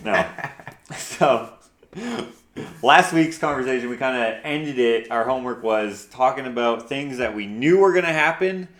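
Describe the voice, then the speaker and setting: A man's voice: mid-range voice, normal speed, a bit bright. A man co-hosting a casual talk show, joking and telling stories in an easygoing way. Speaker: co-host. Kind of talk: casual podcast chat. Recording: echoey room.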